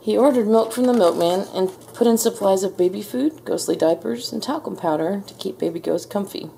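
A woman reading a children's picture book aloud in a gentle, measured storytelling manner. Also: medium pitch, gravelly, slight background noise. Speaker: storybook reader. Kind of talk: children's read-aloud narration.

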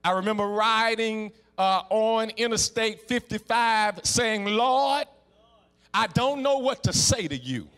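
A middle-aged man with a Southern US accent preaching in a Black church, emphatic, stammering repeats, a sing-song cadence that swings from hushed to shouting. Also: sits high, lively intonation, slow, clean tone, long reverb tail. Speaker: guest preacher. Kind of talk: Black church sermon with call and response. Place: church sanctuary.

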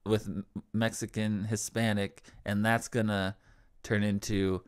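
A man's voice: on the low side, flat delivery, unhurried, clean tone. A man with an American accent co-hosting a podcast, joking and laughing often in casual banter. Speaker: podcast co-host.

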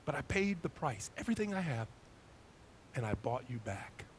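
A man voicing, within a sermon story, a gentle man who made a little boat and bought it back, speaking tenderly and softly. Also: mid-range voice, sing-song, normal speed, a little hiss or hum, natural voice.

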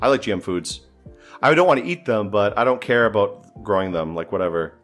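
A man's voice: on the low side, lively intonation, fairly quick, a bit bright, soft background music. Man doing joking gameplay commentary. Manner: joking, exasperated, thinking aloud. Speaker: gameplay streamer.

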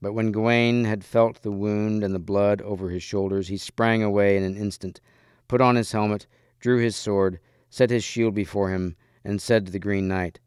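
Measured man reading a storybook aloud. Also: fairly low pitch, clear, resonant tone, no room sound, studio quality. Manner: measured, expressive narration. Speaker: reader.

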